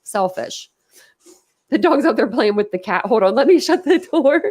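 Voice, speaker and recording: A woman's voice: on the high side, animated, moderate pace, a little mellow. A woman hosting a casual livestream, talking emotionally and bluntly, rambling and swearing as she reacts. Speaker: livestream host.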